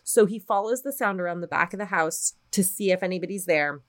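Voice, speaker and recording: Woman podcast co-host, slightly low voice, chatty and foul-mouthed storyteller. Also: fairly quick. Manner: profane, animated retelling of a spooky story. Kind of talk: casual storytelling.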